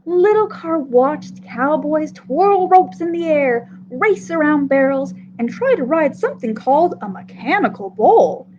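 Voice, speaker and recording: Children's librarian at story time, woman, high and expressive, muffled lo-fi audio. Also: a little slow, few pauses, slight background noise.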